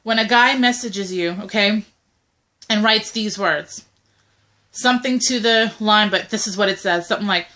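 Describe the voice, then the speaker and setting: Blunt, bright-voiced young woman ranting. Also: mid-range voice, normal speed. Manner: blunt, animated, mimics quoted voices. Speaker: co-host of a talk video. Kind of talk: casual opinionated chat.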